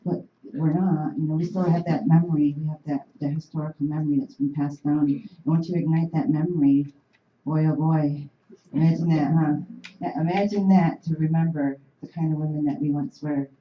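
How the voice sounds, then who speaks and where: A woman from the Oneida Nation, telling an animated, emphatic story to an audience in a university room. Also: low voice, moderate pace, slight background noise. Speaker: panel speaker. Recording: roomy, dull room recording.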